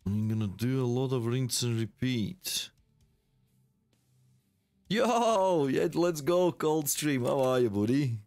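A man's voice: medium pitch, very animated, slow, pauses often, darkish tone, faint music behind. A man, chatting casually with viewers while streaming a shooter game, exclaiming and laughing. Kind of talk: casual live-stream gaming chat.

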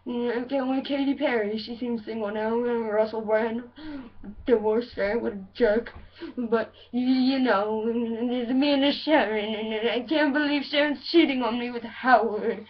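A woman's voice: a little high, fairly even intonation, lightly acted. A woman doing a drawling, jealous rock star. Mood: whiny. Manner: slow drawl, yells for his wife. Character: impression of a rock singer, rambling and jealous. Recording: dull lo-fi sound from a distance.

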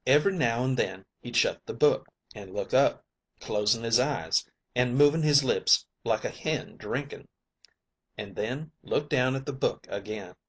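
A man's voice: mid-range voice, lively intonation, measured pace, slightly rough. A man reading a comic sea yarn as an audiobook, telling it as an old night watchman in a folksy sailor's dialect. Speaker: audiobook narrator.

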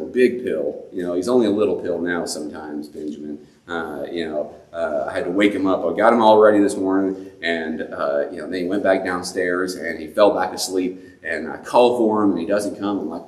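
Chatty man preaching in an echoey church. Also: medium pitch. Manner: conversational, self-deprecating, many fillers and restarts. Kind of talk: sermon. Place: church sanctuary.

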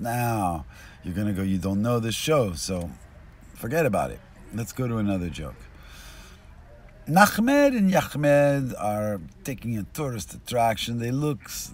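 A man with a low voice tells a rambling, digressive joke outdoors on a street, losing his thread along the way. His delivery is lively, swinging from low mutters to loud bursts. The binaural recording carries a faint wash of street ambience. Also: a little hiss or hum. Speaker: street storyteller. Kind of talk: casual rambling joke-telling.

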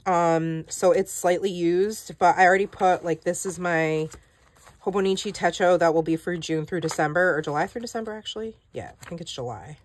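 A woman with a notably low voice shows off her finds in a relaxed, chatty haul vlog. She fills her talk with "like" and "um" and pokes fun at herself. She speaks close to the mic. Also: fairly quick. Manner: chatty and self-deprecating, with many "like"s and "um"s. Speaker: planner channel host.

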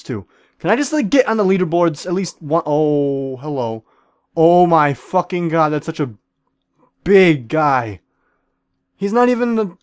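A man with a fairly high voice rattles off excitable, profane commentary over a game. He talks straight to the other players and keeps up a goofy celebrity-chef bit. The recording is dry, with no room sound. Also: no room sound. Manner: jokingly plays a celebrity chef. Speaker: gaming video creator.

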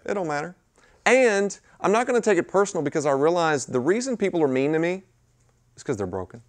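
A man preaching a sermon at a mission chapel, talking in a conversational way with sudden loud bursts and hushed asides. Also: on the high side, very animated, fast. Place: mission chapel with a live audience.

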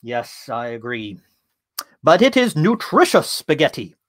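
A man voicing a laid-back male programmer in an imitated Bulgarian accent, drawn-out and calmly proud. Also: mid-range voice.

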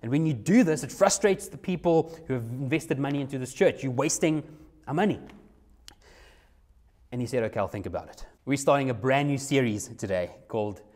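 A man's voice: mid-range voice, lively intonation, brisk, darkish tone. A young man, a youth pastor telling a personal story in a sermon, conversational and repeating himself. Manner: conversational, repeats himself, acts out his own quoted lines.

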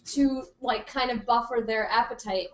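A woman's voice: fairly high pitch, normal speed, reverberant, poor audio. Chatty young woman explaining with um and like. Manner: chatty, filler-heavy. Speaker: presenter of a topic. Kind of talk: casual explaining.

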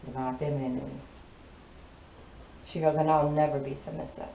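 A woman's voice: low-pitched, level tone, normal speed. A woman giving a casual tarot reading in a sassy, emphatic way, often repeating her lines for effect. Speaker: tarot card reader. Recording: roomy, distant mic, clear background noise.

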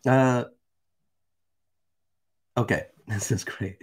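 A man's voice: lowish voice, extremely slow, long pauses, husky. Casual man reading with asides. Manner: casual, digressive, amused. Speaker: channel host. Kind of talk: reading aloud with commentary.

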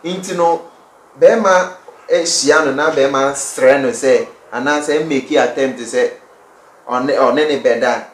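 A man on a discussion panel who talks haltingly, repeating himself as he searches for words. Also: medium pitch. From Ghana. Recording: echoey room with faint noise.

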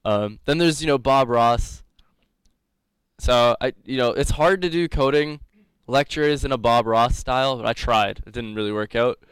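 Smooth, jokey male coding instructor. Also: mid-range voice, normal speed, a bit bright, no echo. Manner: rambling, jokey, laughs often. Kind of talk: live coding lecture.

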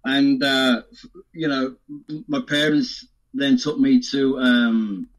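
Lively man telling stories. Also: medium pitch, takes it slowly, rough recording. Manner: lively, laughs often, does voices in anecdotes. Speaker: actor, podcast guest. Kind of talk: casual storytelling interview.

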